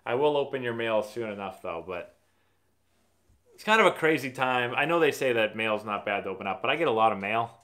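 A man's voice: mid-range voice, expressive, moderate pace, fairly bright tone. A man from Massachusetts hosting a casual live stream, answering viewer questions as a rambling, chatty storyteller. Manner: rambling, chatty storyteller who often restarts sentences.

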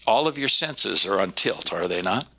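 A man preaching a sermon, animated, slowing down to stress key words and raising his voice when he quotes. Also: vocal fry. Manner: animated, quoting with raised pitch, slowing for emphasis. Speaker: pastor.

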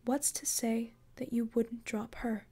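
A woman voicing Death, a stern female otherworldly ruler who speaks in a cold, reproachful, measured way. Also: a little high, fairly even intonation, mellow, slightly rough, voice pushed up.

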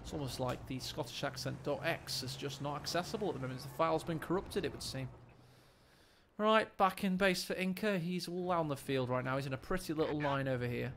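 A man casting a live strategy game with quick, jokey play-by-play and sudden excited rises. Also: a little high, vocal fry, background noise. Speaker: game caster. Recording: game battle sounds under the voice.

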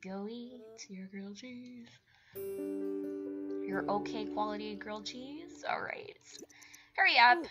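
A woman's voice: mid-range voice, slow, pauses often, over loud music. A young woman narrating her life-sim game and scolding the characters in casual commentary, often exasperated. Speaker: gaming YouTuber. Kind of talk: let's play commentary.

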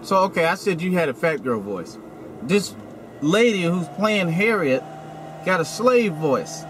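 A man's voice: high-pitched, very animated, a little slow, fairly bright tone, a little hiss or hum. A man hosting a casual comedy chat, teasing his guest with provocative banter. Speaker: host, comedian. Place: inside a van.

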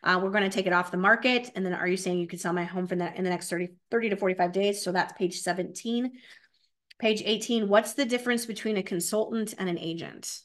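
A woman runs a live sales training session in a lively, chatty way. She often ends her points with a quick tag question to the room. Now and then she reads sales scripts aloud. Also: mid-range voice. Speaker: real estate sales trainer. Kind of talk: live classroom training talk.

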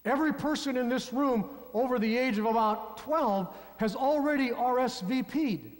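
A man's voice: very high-pitched, moderate pace. A man preaching a sermon as a pastor, telling a story and speaking directly to his congregation. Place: church sanctuary. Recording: long church reverb.

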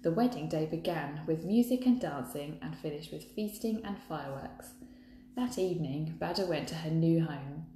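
A woman's voice: low voice, moderate pace, dark tone, a little hiss or hum. A woman reading a children's book aloud, breaking off for chatty asides to viewers. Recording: echoey room, faint ambience.

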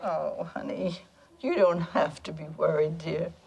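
A woman's voice: medium pitch, expressive, takes it slowly, poor audio. A woman playing a sugary, passive-aggressive wife who laughs through her words, heard as a played video clip. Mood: falsely sweet.

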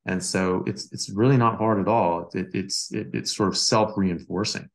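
A man's voice: lowish voice, steady tone, moderate pace. A man, a doctor co-hosting a podcast, telling a personal story in casual conversation, with many fillers and restarts. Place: Australia.

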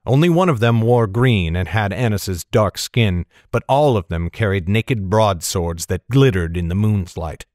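A man narrating a fantasy novel in a steady, measured storytelling manner. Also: on the low side, dry recording, studio quality. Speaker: audiobook narrator.

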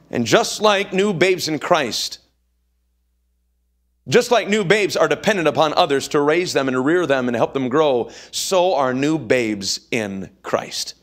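A man's voice: a little high, fairly bright tone. A man preaching a revival sermon in a church, with an emphatic, repetitive cadence. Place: church sanctuary.

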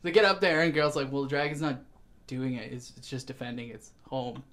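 A man's voice: medium pitch, fairly even intonation, fairly bright tone. Chatty man rambling through a recap. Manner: rambling, acts out characters in quick put-on voices. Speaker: podcast co-host. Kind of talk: casual chat recapping a show.

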